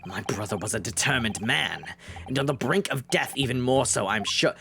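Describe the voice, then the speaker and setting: A cold, haughty prosecutor, read by a male streamer doing the voice. He speaks in a low, disdainful tone with lively pitch movement. Each line is clipped and scornful. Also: moderate pace, creaky.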